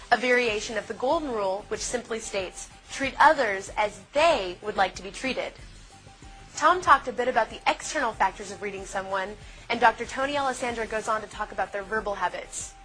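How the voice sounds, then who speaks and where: A woman hosting a program and introducing the next clip in a clear, deliberate way. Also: fairly high pitch, fairly bright tone, rough recording. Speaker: program host introducing clips. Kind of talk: scripted introduction.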